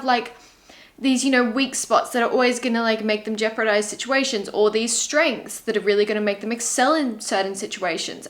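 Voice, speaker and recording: A young woman vlogging about books in a casual, rambling way, openly emotional and gushing about what she reads. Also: on the high side. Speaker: book vlogger. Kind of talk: casual reading vlog.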